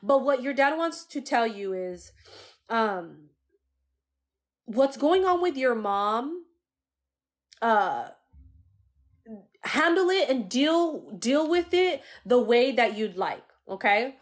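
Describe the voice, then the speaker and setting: A woman's voice: fairly high pitch, animated, takes it slowly, pauses often. A woman giving a live-stream psychic reading in a casual, slangy way, swearing freely, talking straight to the viewer and letting her feelings show. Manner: emotional, laughs often while reading. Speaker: psychic medium.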